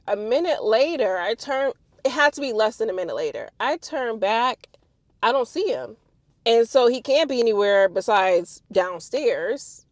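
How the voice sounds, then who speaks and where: A woman in her thirties casually telling a personal story to her viewers, animated and swearing freely. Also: fairly high pitch, no room sound.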